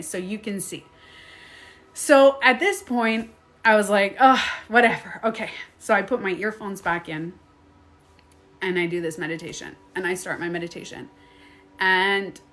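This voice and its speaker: A woman's voice: medium pitch, moderate pace, fairly bright tone, soft background music. A middle-aged woman hosting a live stream, telling a story casually, laughing often and acting out her own reactions.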